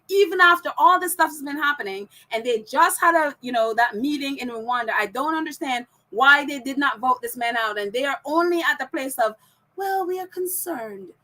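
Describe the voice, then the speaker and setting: Woman podcast host, high and bright, chatty ranting delivery with lots of laughs. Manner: ranting, laughs often between phrases. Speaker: podcast host reading viewer comments. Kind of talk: casual opinion chat.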